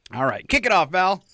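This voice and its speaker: A male morning-show co-host with a fairly high, very animated voice, cracking jokes and tripping over his own fillers. The studio sound is dry and close. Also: no echo. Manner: jokey, laughs often, stumbles with fillers. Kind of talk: casual radio banter. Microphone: studio microphone.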